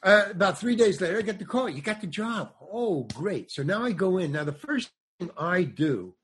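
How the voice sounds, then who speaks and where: A man's voice: high-pitched, moderate pace, slight background noise. An older man, a comedian and actor, telling a show business anecdote as a podcast guest, acting out the voices of others. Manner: animated, acts out other voices. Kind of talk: storytelling anecdote in a podcast interview.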